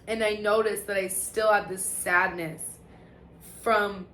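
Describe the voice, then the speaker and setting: In a bright, forceful, mid-range voice with fairly even intonation, a woman vlogger takes her time telling her personal testimony. It's casual, confessional storytelling, candid and profane, and she often stops to begin a sentence again. Faint background noise and echo fill the room.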